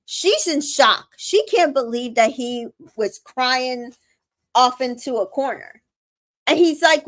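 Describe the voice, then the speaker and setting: Woman, recap host, unhurried delivery, bit high voice, sassy opinionated chat. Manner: animated, sassy and opinionated, reads out comments. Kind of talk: casual recap chat reading viewer comments.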